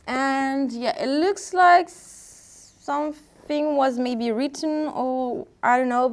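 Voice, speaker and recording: A French woman speaking English with a clear French accent, in a slightly high voice. She talks in a chatty, hesitant way, with fillers and restarts, as she casually shows products to her viewers. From France. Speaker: vlogger selling secondhand luxury bags.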